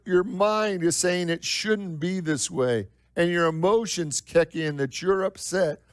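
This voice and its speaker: A man's voice: sits high, no echo. A male minister delivering a sermon in a conversational style, asking the congregation questions and repeating key phrases for emphasis. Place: church.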